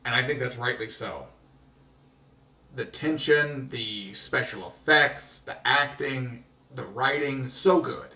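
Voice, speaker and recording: A man co-hosting a casual movie review podcast, joking and animated with playful rants. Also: medium pitch, slow, far from the mic. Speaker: podcast co-host. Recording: echoey room, off-mic.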